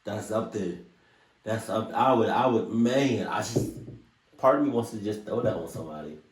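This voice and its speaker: A man's voice: on the low side, moderate pace. A man hosting a reaction video, rambling and joking, trailing off mid-thought as he comments. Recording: roomy, distant mic.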